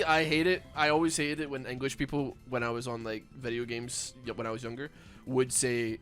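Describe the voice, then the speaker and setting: A man's voice: mid-range voice, steady tone, moderate pace, fairly bright tone, soft background music. A Scottish man chatting casually while playing a game, rambling and joking with lots of restarts. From Scotland. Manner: rambling, jokey, thinks aloud with many restarts. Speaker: streamer playing a video game. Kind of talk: casual gameplay chat.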